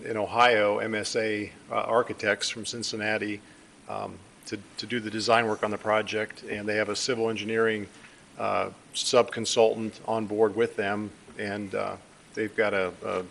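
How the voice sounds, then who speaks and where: A man on city staff answering council questions in a halting way with many fillers. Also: fairly low pitch, creaky, sharp tone, a little hiss or hum. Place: council chamber.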